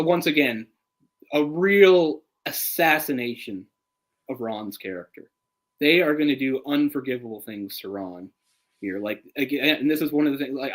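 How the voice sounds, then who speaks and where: A man co-hosting a casual live movie commentary, chatty and opinionated, getting heated and animated as he picks apart the adaptation. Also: medium pitch, low-quality recording. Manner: opinionated, gets heated and animated when ranting; chatty, full of "like" and restarts. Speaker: film commentary co-host.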